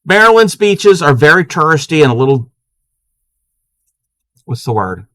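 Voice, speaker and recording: A playful man hosting a live crafting stream, chatting loosely with his viewers and laughing as he goes. His voice sits a little high and swings widely in pitch, with a bright, forward edge. The sound is close and dry. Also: big pitch swings, moderate pace, no room sound. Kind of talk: casual live-stream chat, reading viewer comments.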